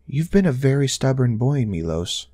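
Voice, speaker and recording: A man's voice: medium pitch, big pitch swings, moderate pace, mellow, lightly acted. A man voicing an eerie woman who talks in a childlike voice, mocking and menacing. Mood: taunting.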